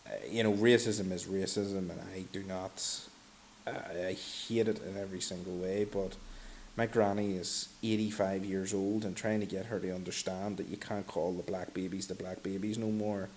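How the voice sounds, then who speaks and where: A man, a podcast guest, talking in a relaxed, reflective, casual way. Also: low voice, moderate pace. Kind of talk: casual chat. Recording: faint hiss.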